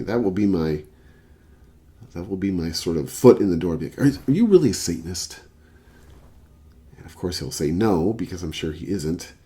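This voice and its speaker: A man's voice: deep voice, warm tone. A man telling a rambling anecdote and reviewing a record as a casual vlogger, with many fillers. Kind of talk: casual storytelling and album review.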